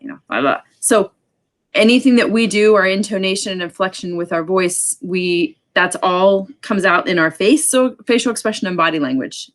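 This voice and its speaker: A woman with a somewhat low voice leads a relaxed sign language class. She explains things loosely, filling pauses with ums and adding quick asides as she goes. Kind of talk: casual online class lecture.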